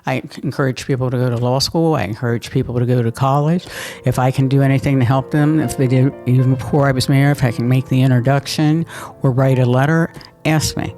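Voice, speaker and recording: An older woman, telling stories from her life as a mayor in a lively, laughing way, often repeating words as she restarts. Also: very deep voice, a little fast, faint music behind. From Pennsylvania. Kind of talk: conversational storytelling interview.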